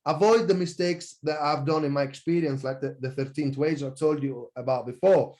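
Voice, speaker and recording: A man, an online business coach giving an energetic, passionate sales pitch for his course, often correcting himself as he goes. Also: moderate pace.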